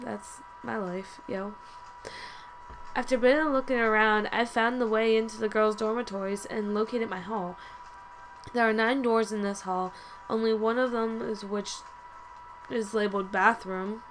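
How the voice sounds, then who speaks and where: A woman reading a story game aloud for her viewers, slipping in chatty asides between the lines. She trips over words and fixes them on the fly, in a voice that sits a little high. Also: moderate pace, slight background noise, poor audio. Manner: lively, chatty, stumbles and corrects herself. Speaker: let's play host.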